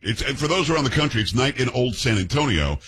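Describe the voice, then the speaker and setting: A man's voice: mid-range voice, fast talker, husky. A man hosting a talk show, joking and bantering with his co-hosts. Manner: animated, joking, puts on mocking voices. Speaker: radio talk show host. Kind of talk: casual banter.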